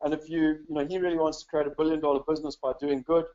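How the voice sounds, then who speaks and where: A man's voice: on the high side, flat delivery, very fast, a little mellow, dull audio. A South African man from South Africa giving a casual, chatty webinar talk, upbeat and full of "you know" fillers. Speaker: webinar presenter.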